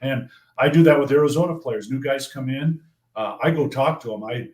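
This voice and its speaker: Older guy broadcaster, measured talk, echoey room. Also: mid-range voice, darkish tone. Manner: measured, thoughtful, restarts phrases. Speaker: play-by-play broadcaster. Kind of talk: casual interview answers. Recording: roomy echo.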